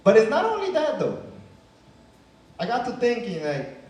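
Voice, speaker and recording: An extremely high-pitched, slightly mellow voice swings hugely in pitch at a moderate pace. It belongs to a young Chicago comedian doing a relaxed stand-up set in a club, adding "man" and "right?" to his lines. The room echoes, and he sounds distant.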